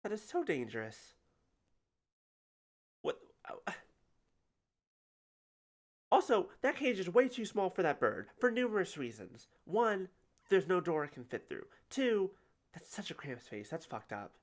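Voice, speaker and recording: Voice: mid-range voice, very animated, measured pace, pauses often. Sarcastic, foul-mouthed game streamer. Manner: swears a lot, sarcastic. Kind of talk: casual gaming livestream commentary.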